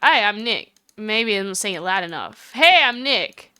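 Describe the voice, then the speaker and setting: A woman's voice: mid-range voice, normal speed, pushed and bright, clear, resonant tone, no echo, studio quality, voice pushed down, close to an everyday voice. A woman voicing an earnest, flustered young male lawyer in game dialogue, in her own voice.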